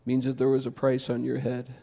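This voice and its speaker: A pastor preaching a sermon in a church, conversational and impassioned, jumping to loud emphasis. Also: male voice, medium pitch, monotone, brisk, creaky, slightly rough. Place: church sanctuary.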